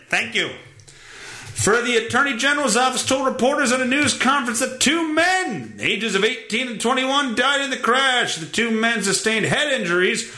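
A man's voice: high voice, sing-song, unhurried, bright, forceful tone. A man hosting a solo podcast, reading news stories aloud in a profane, sarcastic, rambling comedic rant. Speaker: podcast host.

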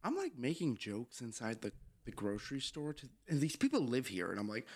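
A man's voice: mid-range voice, fairly quick, hardly any pauses. A young man from Southern Maine and band member, joking and laughing as he tells stories in a casual chat. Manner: lively, joking, laughs often.

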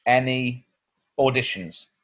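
A man's voice: medium pitch, slow pace, fairly bright tone. A man co-hosting a comedy podcast, laughing often and reacting eagerly. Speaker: podcast co-host. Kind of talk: jokey banter.

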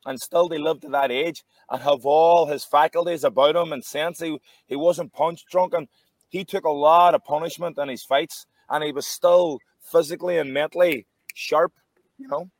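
A man's voice: a little high, moderate pace, no echo. A man, a former boxer, telling casual anecdotes with lots of restarts. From Ireland. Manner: animated anecdotes with frequent restarts. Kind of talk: casual storytelling.

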